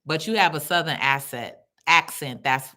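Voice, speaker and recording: A woman's voice: low-pitched, normal speed. A middle-aged woman, hosting a casual livestream and chatting through viewer comments. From Chicago. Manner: chatty, animated, reads comments aloud. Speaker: livestream host.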